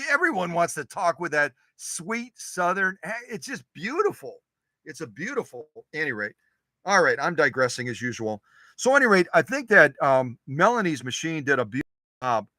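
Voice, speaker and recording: A man's voice: a little high, pushed and bright, dry recording. A man hosting a live-stream sewing machine workshop, chatty and digressive, often repeating his phrases. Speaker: sewing machine restorer, show host.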